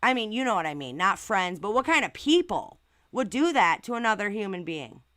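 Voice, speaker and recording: A woman's voice: mid-range voice, sing-song, a little fast, sharp tone, no room sound, studio quality. A woman hosting a casual livestream who reads viewer comments and reacts in an outspoken, indignant way with rhetorical questions. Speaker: channel host reading viewer comments.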